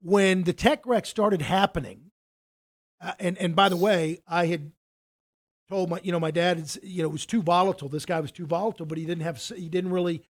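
A man's voice: sits high, fairly even intonation, brisk. A middle-aged man, a financial advisor, telling a story in casual conversation, rambling with many restarts and acting out quoted dialogue.

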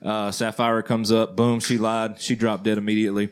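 A man's voice: fairly low pitch, little pitch movement, fairly quick, clear, resonant tone. A man co-hosting a Christian podcast, talking earnestly in a loose conversational way and checking in with the others. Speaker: podcast co-host. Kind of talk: casual Christian podcast chat.

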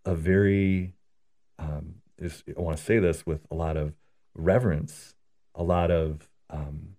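A man's voice: low-pitched, warm tone. A man, a priest, teaching about prayer in a conversation, earnest and story-driven, often adding "right?".

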